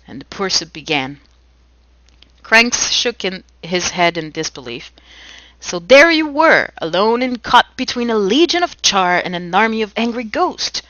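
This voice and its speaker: A woman's voice: fairly low pitch, a bit bright, no room sound, dull audio. A woman co-hosting a podcast, reading a novel aloud in a casual way with acted quotes and jokey asides. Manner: reads with acted quotes, breaks off laughing.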